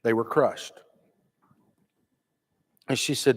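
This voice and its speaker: A man from the United States preaching a sermon, telling a story with animated delivery and acting out the quotes. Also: medium pitch, normal speed. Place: church. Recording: long reverb of a church hall.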